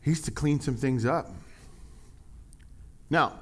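A man preaching in an easygoing, conversational voice of ordinary pitch. He shifts energy often, leaning into lines for emphasis and then dropping back down. It sounds like a relaxed sermon to a congregation. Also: slow pace. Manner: conversational and animated, with acted-out quotes and laughs. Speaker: pastor.

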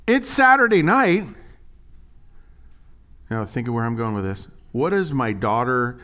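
A middle-aged man preaching as a pastor, conversational and joking with the congregation, acting out quoted lines in a higher, excited voice. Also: measured pace. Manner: animated storytelling, acts out quotes in a higher voice. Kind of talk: sermon.

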